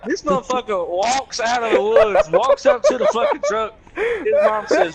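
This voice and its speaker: A man's voice: very high voice, normal speed, vocal fry, over a noisy crowd, rough recording. A man telling a rowdy story to friends, swearing freely and acting out the quotes. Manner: animated, profane, acts out quotes in raised voices.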